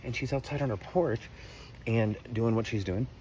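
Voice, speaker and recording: A man's voice: medium pitch, normal speed, dark tone, a little hiss or hum. A young man rambling through a comedic personal story to camera, exaggerated and full of asides. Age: young adult.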